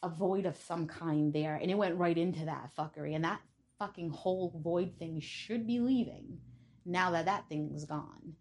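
A woman's voice: on the low side, moderate pace, a little mellow. A woman vlogger giving a casual spiritual monologue in a blunt, profane, defiant manner.

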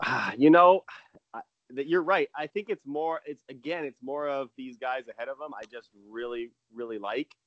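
A man's voice: mid-range voice, normal speed, no echo, muffled recording. A man talking casually and with enthusiasm as a guest analyst on a podcast, rambling with restarts.

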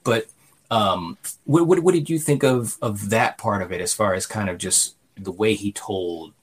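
Reviewing a film on his podcast, this male co-host meanders along, leaning heavily on fillers and saying "you know" again and again. He speaks unhurriedly in a fairly low voice with a breathy edge.

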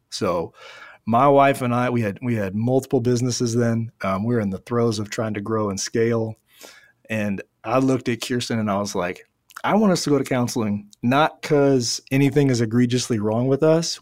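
A man's voice: mid-range voice, no echo, studio quality. A man in his forties talking as a podcast guest, earnest and heartfelt, often dropping "man" and "dude" in casual conversation. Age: 40s. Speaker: podcast guest, business owner.

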